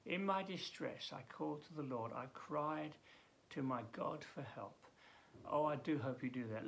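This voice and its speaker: Male pastor, fairly high gravelly voice, earnest devotional reading. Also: fairly bright tone. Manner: earnest, emphatic, halting with many restarts. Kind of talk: daily devotional Bible reading.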